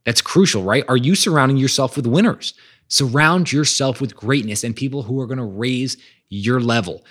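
Man, podcast host, motivational monologue, emphatic, mid-pitched voice. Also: normal speed, breathy edge. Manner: energetic, emphatic, reads quotes aloud.

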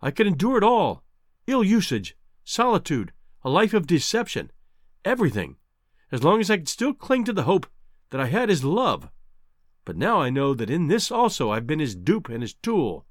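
A man's voice: a little high, huge pitch swings, moderate pace, dry recording, studio quality. A man reading aloud and voicing a distraught, fierce young married woman with an emotional, pleading manner. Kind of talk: audiobook character voice.

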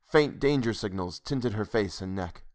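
Casting: male storyteller, measured pace, reading a period ghost tale aloud. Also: on the low side, lively intonation. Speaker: narrator. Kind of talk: scripted storybook narration.

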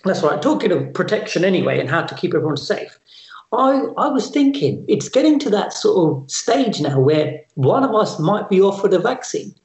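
A man's voice: high-pitched, sing-song, normal speed. A man co-hosting a casual podcast, chatting in a wry, playful way. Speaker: podcast co-host, DJ. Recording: roomy, slightly dull sound.

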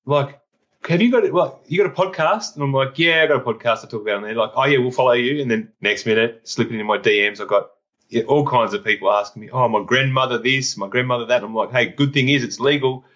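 A man with an Australian accent, a podcast host telling stories in animated casual chat, laughing often. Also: mid-range voice, fast talker. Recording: dull lo-fi sound.

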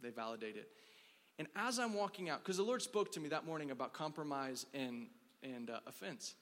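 A man from Dallas delivers a sermon in a fairly high, bright voice. He tells stories casually, with many fillers and acted-out quotes. The sound carries a long reverb from a large hall. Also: lively intonation, a little fast. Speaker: preacher. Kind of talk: sermon with storytelling.

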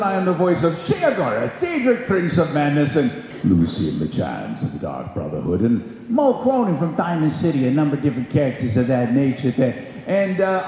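A man's voice: a little high, darkish tone. Male voice actor hosting a panel, long hall reverb, noise behind. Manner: slow, theatrical announcing. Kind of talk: reading stage directions aloud. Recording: echoey hall, background noise.

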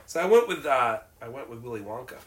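A man co-hosting a podcast in casual chat, talking in halting bursts with frequent restarts. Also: mid-range voice, poor audio. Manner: halting, restarts often, animated. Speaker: podcast co-host.

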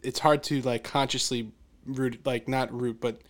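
A man's voice: medium pitch, fairly even intonation, measured pace. A man hosting a podcast, talking sports in casual rambling chat with many restarts. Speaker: podcast host.

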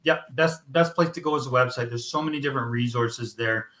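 A man's voice: medium pitch, fairly quick, fairly bright tone. Blunt, swearing middle-aged male guest. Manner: blunt and emphatic, swears freely. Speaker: guest, founder of a youth mental-health program. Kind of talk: candid interview talk.

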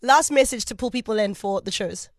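A woman's voice: on the high side, fairly quick, no echo, studio quality. A woman radio host, interviewing a guest and plugging a show in an upbeat way. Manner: upbeat, promotional.

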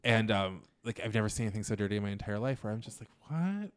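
Animated man telling a wild story. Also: lowish voice, very fast, clean tone. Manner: animated, acts out quotes, many filler "like"s. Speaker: podcast co-host telling a story. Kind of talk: casual storytelling chat.

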